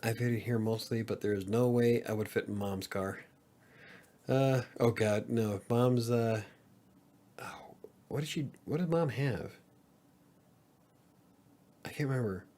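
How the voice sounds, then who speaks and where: A man's voice: mid-range voice, unhurried, pauses often, dark tone. A man in his thirties hosting a podcast, rambling casually, swearing freely and chuckling often. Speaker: podcast host. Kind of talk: casual livestream chat.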